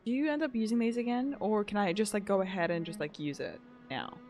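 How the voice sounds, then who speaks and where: A woman's voice: medium pitch, fast talker, darkish tone, faint music behind. A young woman streaming a game, chatting casually with viewers, laughing often and greeting new followers. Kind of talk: casual gameplay commentary.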